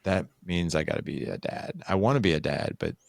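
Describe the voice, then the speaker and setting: Low-voiced man telling his story. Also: fairly quick, vocal fry, dry recording. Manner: animated, acts out his own past quotes. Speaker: podcast guest. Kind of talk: candid conversational storytelling.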